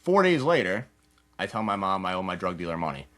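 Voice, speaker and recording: Fast-talking low-voiced young man. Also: sing-song, fairly bright tone. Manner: rapid, loose storytelling full of "like" and acted-out quotes. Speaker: podcast guest. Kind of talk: candid personal storytelling.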